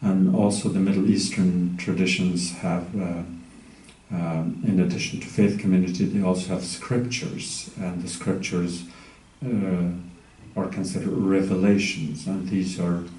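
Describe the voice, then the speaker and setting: A man giving a measured academic lecture, pausing often with ums and uhs. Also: low-pitched, little pitch movement, darkish tone. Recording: echoey room, mic far off.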